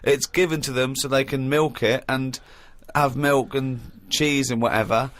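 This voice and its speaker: A man's voice: medium pitch, fairly even intonation, a little slow, a bit bright. A man hosting a comedy podcast, teasing and exasperated, breaking into laughter easily. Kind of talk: comic studio banter.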